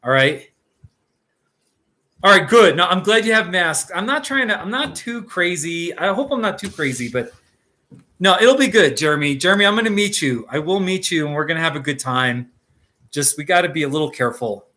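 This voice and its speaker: A man's voice: a little high, lively intonation, brisk, sharp tone. A man hosting a live stream in casual chat, rambling and jokey, laughing often and restarting his sentences.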